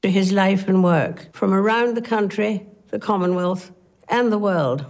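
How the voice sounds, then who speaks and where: A woman, giving a slow, measured formal address, heard from an archive clip. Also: mid-range voice, a little mellow. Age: 90s. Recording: archive clip played back.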